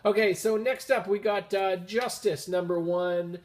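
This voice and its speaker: A Canadian man talks through his latest finds in a relaxed, upbeat way, drifting into little tangents as he goes. His voice sits slightly higher than most men's. He records at home in a casual vlog style. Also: measured pace. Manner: chatty and upbeat, rambling asides. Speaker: comics vlogger showing his haul. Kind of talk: casual chat.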